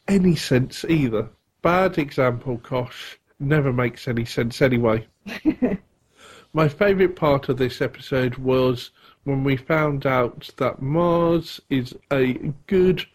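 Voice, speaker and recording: A man's voice: mid-range voice, a little mellow, breathy edge. A man co-hosting a podcast, reading listener feedback aloud in a casual way and laughing often. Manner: chuckles often while reading. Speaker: podcast co-host.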